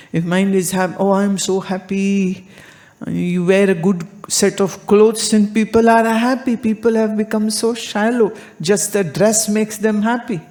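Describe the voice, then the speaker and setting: Woman teacher, unhurried sermon delivery, mid pitch, anecdotal. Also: a little mellow. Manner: deliberate, anecdotal, rhetorical questions. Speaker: spiritual teacher. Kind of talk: spiritual discourse.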